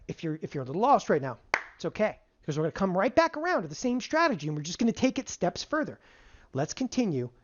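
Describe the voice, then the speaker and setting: A man teaching an online trading seminar, animated, constantly asking rhetorical questions and answering them himself. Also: on the high side, dull audio. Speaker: options trading instructor. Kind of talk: energetic online seminar lecture.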